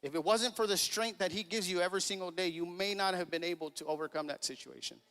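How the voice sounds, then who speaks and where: Fast and forceful, a pastor in his thirties with a high, bright voice recounts a family story in his sermon, chuckling casually and acting out each line of dialogue. The sanctuary recording has the long reverb typical of a church hall.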